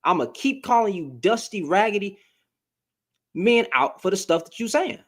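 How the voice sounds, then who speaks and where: A man venting to his followers in a casual, heated rant. His voice sits a bit high for a man and swings widely in pitch. He is blunt and profane, and he stumbles over repeated words when he gets worked up. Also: lively intonation, normal speed, fairly bright tone. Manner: blunt, heated, profane, rising to exasperated outbursts. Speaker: social media commentator.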